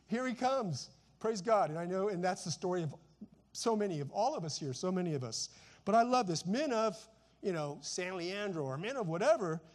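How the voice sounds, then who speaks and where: A man's voice: high-pitched, darkish tone. A middle-aged man preaching a conversational sermon while seated, dropping frequent "you know" asides and repeating a phrase again and again for emphasis. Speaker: pastor.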